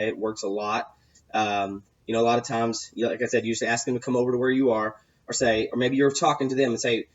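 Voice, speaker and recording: A man with a drawl talks through his sales tips in a loose, rambling way, circling back and repeating phrases as he goes. His voice sits at an ordinary middle pitch. The recording sounds a little dull and lo-fi. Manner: rambling and repetitive, with many fillers and restarts. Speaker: sales coach. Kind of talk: casual advice monologue.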